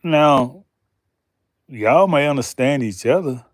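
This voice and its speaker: A man hosting a slow, deliberate commentary monologue, emphatic and pausing often, asking pointed rhetorical questions. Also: mid-range voice, lively intonation, no room sound, studio quality. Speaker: channel host.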